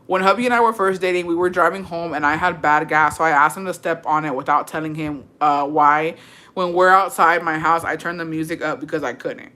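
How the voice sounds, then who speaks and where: Her voice is deep, brisk, and sharp-toned. Reading out viewer stories as a content creator, this woman tells crude tales casually, laughing a lot, cursing freely, and mixing Spanish words into her English.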